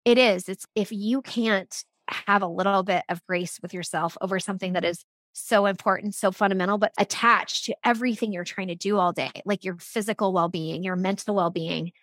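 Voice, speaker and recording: Earnest, animated woman telling her story. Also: medium pitch, brisk, no echo. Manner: earnest and animated, frequent "like" fillers. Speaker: podcast guest. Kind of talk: candid conversational storytelling.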